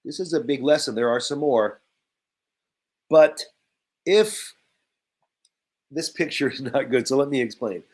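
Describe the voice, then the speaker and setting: Slow, clear male English teacher. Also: mid-range voice, expressive. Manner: speaks slowly and simply, repeats key words. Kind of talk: slow, clear ESL vocabulary lesson.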